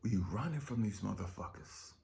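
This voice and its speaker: A man preaching an impassioned spiritual pep talk as a life coach, profane and confrontational, firing rhetorical questions and dropping from shouted rants to low muttering. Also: expressive, normal speed, gravelly. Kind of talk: impassioned motivational preaching monologue.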